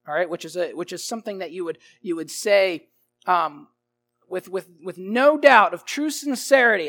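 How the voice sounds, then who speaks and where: A man's voice: high-pitched, moderate pace, a bit bright. A man preaching an expository sermon, emphatic, swelling and dropping in volume and repeating his phrases.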